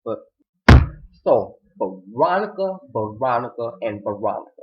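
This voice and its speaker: A man giving a casual, animated recap of a TV drama episode, retelling scenes dramatically and acting out the characters' lines. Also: medium pitch, a little slow, lo-fi sound. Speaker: TV show reviewer.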